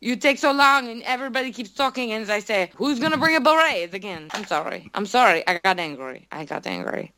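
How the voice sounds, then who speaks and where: In an improv comedy bit, a woman plays Jim Jim, an eccentric, oddly formal oddball obsessed with berets who refers to herself in the third person, uses clumsy formal phrasing, and apologizes suddenly. Her voice is on the high side, pushed and bright, with lively intonation and a brisk delivery with hardly any pauses. A little hiss or hum is audible.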